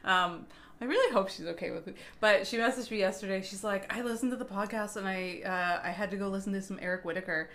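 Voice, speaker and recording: A woman's voice: medium pitch, fast talker, fairly bright tone. A young woman co-hosting a podcast in casual chat, trailing off as she searches for words. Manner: chatty, trails off mid-sentence searching for words. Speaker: podcast co-host.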